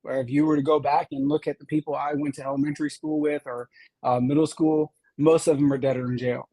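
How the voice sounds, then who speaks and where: A man's voice: a little high, flat delivery, fast, mellow, rough recording. A man from Chicago, a state representative, telling his life story earnestly in an interview. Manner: earnest storyteller, acts out quoted teachers. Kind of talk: interview conversation.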